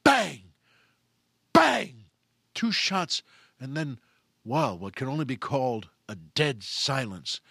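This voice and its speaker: A male show host telling a rambling, animated shaggy dog joke. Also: medium pitch, a little slow, dry recording, studio quality. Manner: animated, rambling, self-correcting. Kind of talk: storytelling a joke.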